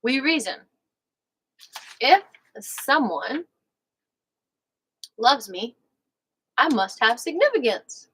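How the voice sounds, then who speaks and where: A woman from New York reading a nonfiction book aloud on a livestream, unhurried and leaning on her words. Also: a little high, sing-song, bright, forceful tone, slightly rough, low-quality recording. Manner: unhurried, leaning on words, breaks off for playful asides.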